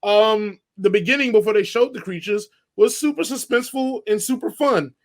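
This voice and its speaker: A man co-hosting a podcast, giving an animated, jokey movie rant with swearing in a casual chat. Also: high voice, moderate pace. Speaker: podcast co-host.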